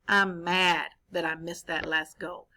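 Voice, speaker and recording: A sincere young girl from a picture book voiced by a woman reading aloud. She speaks plainly, in a clear, bright voice. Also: on the low side, little pitch movement, slow pace, voice pushed down, exaggerated voice. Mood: earnest. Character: young girl, disappointed soccer player.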